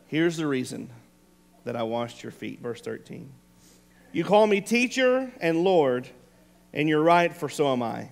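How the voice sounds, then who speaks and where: Pastor guy preaching, acts out the voices, goes quiet for emphasis, hall echo. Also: fairly high pitch, expressive, moderate pace, creaky. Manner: dramatic retelling with acted-out voices, dropping soft for emphasis. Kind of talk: sermon. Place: church sanctuary. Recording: long hall reverb.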